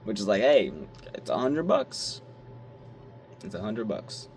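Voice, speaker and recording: A young man vlogging at his desk, telling a story in a rambling, animated way, swearing now and then and squealing when he acts out his excitement. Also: on the low side, unhurried, slight background noise. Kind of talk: casual talk to camera.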